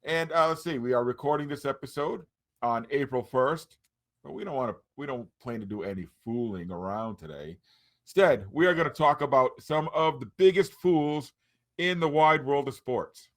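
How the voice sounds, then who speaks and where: An upbeat man hosting a casual sports podcast, rattling through plugs and introductions in an easy chat style. His voice sits at an ordinary middle pitch for a man. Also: lively intonation, moderate pace. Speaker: podcast host.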